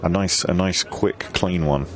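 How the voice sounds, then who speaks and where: A man giving relaxed, chatty live commentary on a pool match. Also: low voice, unhurried, slight background noise.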